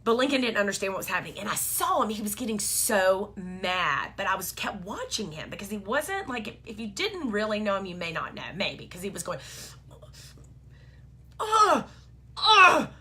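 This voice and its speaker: A woman's voice: mid-range voice, sing-song, brisk, few pauses, bright, forceful tone, breathy edge. A woman, chatting to camera about her family in a rambling, filler-heavy way. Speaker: vlogger and mom. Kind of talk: casual storytelling to camera.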